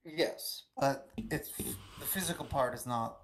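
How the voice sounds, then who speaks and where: A man's voice: mid-range voice, takes it slowly, fairly bright tone. Profane, rambling man on a stream. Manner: profane, rambling, self-deprecating. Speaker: departing radio show guest. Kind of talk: casual stream chat.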